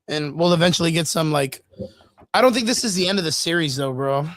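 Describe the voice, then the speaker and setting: A man's voice: a little high, animated, a little fast, a bit bright, no echo. A man co-hosting a casual streamed chat show, joking loosely and swearing, with lots of "dude" and "bro". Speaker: podcast co-host. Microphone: streaming mic.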